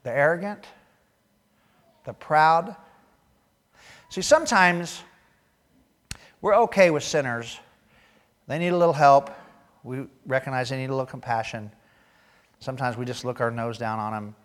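A man's voice: medium pitch, unhurried, long pauses, fairly bright tone. A male pastor preaching a sermon in a church, talking conversationally and tossing joking asides to the congregation.

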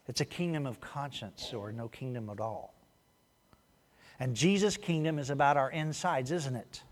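A man preaching a sermon, swinging between loud urging and soft hushed asides, firing rhetorical questions with short punchy answers. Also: medium pitch, normal speed, long reverb tail. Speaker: pastor.

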